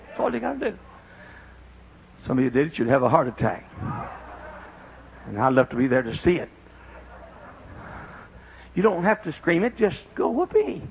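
An older man preaching a sermon, dropping to a low confiding tone and rising to high shouted praise. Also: sing-song, moderate pace, creaky, pauses often, highs cut off, slight background noise.

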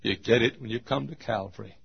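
A man preaching a sermon at a church service, booming into shouts and then dropping to a hush. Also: brisk, vocal fry, breathy edge, muffled recording. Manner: swings from loud shouted quotes to hushed low asides.

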